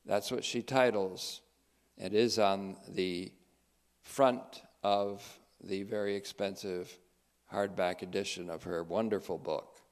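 A man giving spoken theology commentary, emphatic and sardonic, reading quotations slowly with heavy stress. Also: low voice, steady tone. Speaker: teacher of a theology group.

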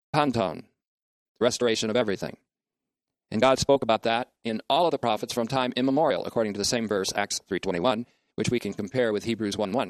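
A man's voice: mid-range voice, no echo. A man giving a methodical Bible lecture, reading verses and spelling out Greek words letter by letter. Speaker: bible teacher. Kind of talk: scriptural lecture.

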